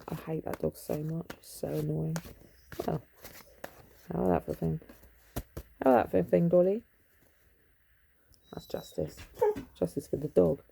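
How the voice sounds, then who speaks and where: A woman rambles through a tarot reading in a casual, sweary, joking way, breaking off to talk to her dog. Her voice is heavily gravelly and husky, with a dark, mellow tone sitting a little low. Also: rough recording. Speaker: tarot reader.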